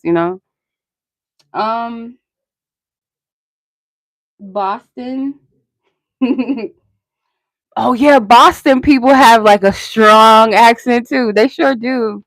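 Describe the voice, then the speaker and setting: A young woman hosts a live-stream tarot reading in a loose, chatty way, drifting between card meanings and replies to her chat. Her voice sits in a middle register and laughs come easily. The sound is close and dry, with no room echo. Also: mid-range voice.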